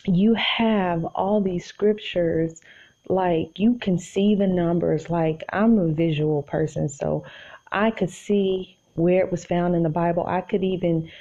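A woman's voice: fairly low pitch, fairly even intonation, takes it slowly, mellow, highs cut off. A woman hosting a podcast, talking casually about faith from her bed, chatty and addressing listeners as y'all. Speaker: podcast host. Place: in bed at home.

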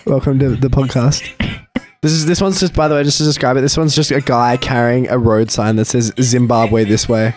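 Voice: mid-range voice, fairly quick. An Australian podcast guest in casual, laughing chat. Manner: laughing, chatty, animated intonation.

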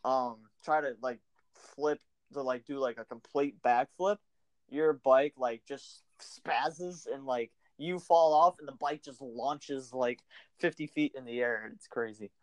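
A man's voice: medium pitch, a little slow. A young man co-hosting a casual gaming chat, rambling with many filler words and laughing often. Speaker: podcast co-host. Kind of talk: casual chat about a video game.

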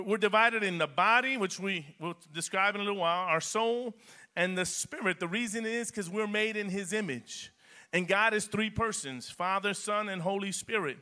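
A man's voice: sits high, sharp tone. A man preaching a sermon in a church as pastor, repeating phrases and building emphasis. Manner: preaching with rising emphasis and repetition.

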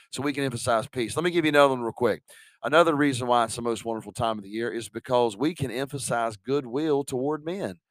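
A man's voice: mid-range voice, no room sound. A middle-aged man, a pastor preaching a sermon in a conversational way, asking the congregation questions.

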